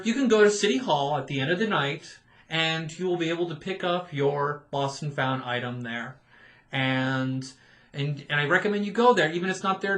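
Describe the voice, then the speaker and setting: Bright-voiced man telling sarcastic work stories. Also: on the high side. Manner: animated storyteller, sarcastic quoted asides. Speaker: podcast co-host, former theme park cast member. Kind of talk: casual storytelling chat.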